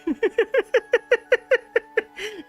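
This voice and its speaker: A man streaming, chatting casually about voice technique while holding a deliberately gruff, gravelly voice. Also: extremely high pitch, faint music behind. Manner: talks about voice technique, loose and rambling.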